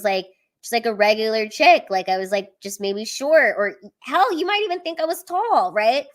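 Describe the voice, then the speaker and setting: A woman stand-up comedian with a medium-pitched voice tells personal stories from home on a candid storytelling livestream. She's chatty and open, filling her talk with "like" and casual swearing.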